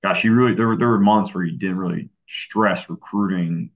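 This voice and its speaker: A man, a college football coach, talking in a casual interview, relaxed and often restarting his sentences. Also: sits low, normal speed. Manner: relaxed, many restarts and fillers.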